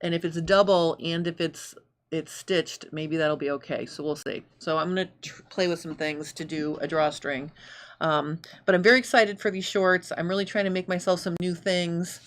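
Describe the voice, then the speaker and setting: A woman's voice: on the low side, fairly even intonation, normal speed. Chatty woman hosting a sewing stream. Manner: chatty, thinks aloud, reads out viewer comments. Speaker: sewing pattern designer hosting a live show. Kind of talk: casual live-stream chat.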